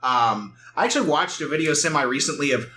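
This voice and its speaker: A man chatting over a game he is playing, his voice swinging up and down with lively energy and a bright, forceful edge. He laughs often and breaks into excited outbursts. A faint room hum sits under his casual commentary. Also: a little high, fast. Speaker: let's play co-host.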